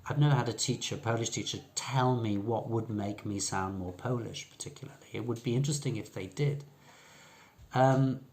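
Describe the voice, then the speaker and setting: A man's voice: medium pitch, moderate pace, a little mellow. An older English man with a British accent, an English teacher telling a story in a chatty, rambling way. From England. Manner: chatty, rambling, with fillers and restarts. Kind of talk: casual storytelling lesson.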